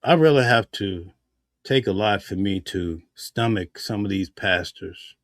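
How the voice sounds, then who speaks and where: A man's voice: lowish voice, a little slow, no room sound, studio quality. A man giving casual spoken commentary in a heated, preachy way, full of rhetorical questions. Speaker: vlogger.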